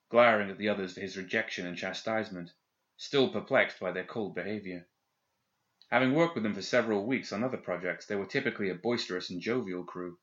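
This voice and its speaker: A man giving measured, scripted narration of a fantasy audiobook. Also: lowish voice, a bit bright. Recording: dull lo-fi recording.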